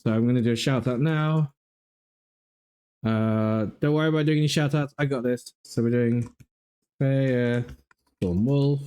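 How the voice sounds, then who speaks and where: A man's voice: medium pitch, fairly even intonation, normal speed, long pauses, dark tone, clear, resonant tone. A man hosting a casual livestream, telling exasperated, profane stories while reviewing game footage. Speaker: livestream host.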